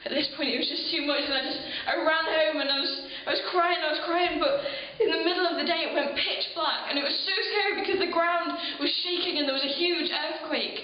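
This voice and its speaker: A woman's voice: high-pitched, steady tone, a little fast, hardly any pauses, natural voice. A woman playing an ordinary townswoman who tells her eyewitness memory of the crucifixion as an earnest, emotional monologue, with small laughs and sighs. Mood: grieving. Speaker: eyewitness in a church program video. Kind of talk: dramatic first-person monologue. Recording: very echoey room, dull sound, faint hiss.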